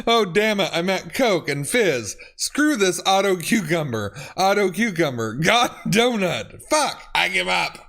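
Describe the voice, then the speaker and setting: A man's voice: high-pitched, sing-song, unhurried, creaky, hardly any pauses, fairly bright tone. A man reading funny text messages aloud and reacting, laughing often and swearing. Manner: laughs often, reads lines with swearing and exclamations. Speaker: YouTuber reading autocorrect fails.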